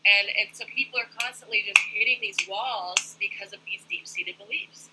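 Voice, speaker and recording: A woman's voice: medium pitch, normal speed, heavy background noise. A woman business coach talking in a casual interview, emphatic and blunt, sometimes swearing.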